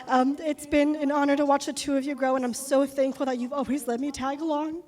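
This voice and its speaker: A woman's voice: sits high, fairly even intonation, brisk, hardly any pauses, darkish tone, long reverb tail. A woman, the bride's sister, giving a nervous wedding toast, laughing and stumbling over her words at a reception.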